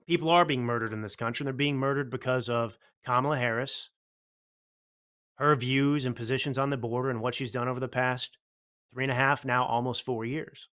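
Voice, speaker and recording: A man's voice: mid-range voice, sharp tone. A man hosting a political commentary show, talking bluntly and combatively with lots of rhetorical questions. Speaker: show host.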